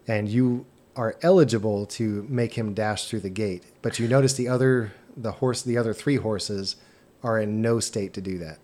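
A man's voice: mid-range voice, unhurried, a little mellow, slight background noise. A man narrating a tabletop game as game master, descriptive and sometimes stumbling over his words.

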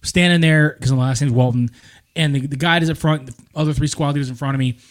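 A man casually telling a profane, animated boot camp story. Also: on the high side. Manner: fast, profane, animated anecdotes. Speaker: veteran guest telling a story.

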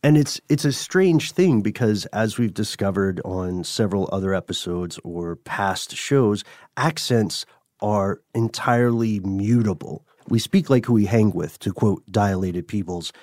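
A man hosting a podcast, explaining things in a measured, casual way and laughing often. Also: fairly low pitch, animated, darkish tone, no echo, studio quality. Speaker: podcast host.

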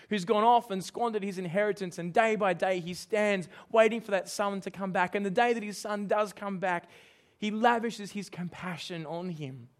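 A man preaching a sermon, emphatic and asking his listeners questions. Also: high-pitched. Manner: emphatic, asks the congregation questions.

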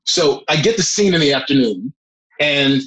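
A middle-aged man, a guest actor, telling a long behind-the-scenes story in a lively way, often breaking into laughs. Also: a little high, normal speed, rough recording. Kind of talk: anecdotal storytelling.

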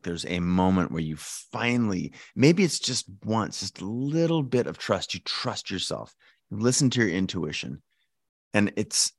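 Deep-voiced reflective man hosting a podcast. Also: dry recording, clean studio sound. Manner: reflective, searching for words as he speaks. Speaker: podcast host. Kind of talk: podcast interview.

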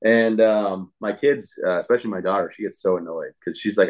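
Earnest rambling man, low voice. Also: fairly quick, low-quality recording. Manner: earnest, rambling, self-correcting with frequent fillers and laughs. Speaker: podcast guest. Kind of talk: casual conversational interview.

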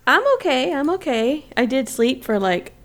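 A woman from Illinois co-hosting a casual podcast, talking in a relaxed, rambling, slightly hesitant way. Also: high voice, normal speed. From Illinois, USA. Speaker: podcast co-host. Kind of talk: casual chat.

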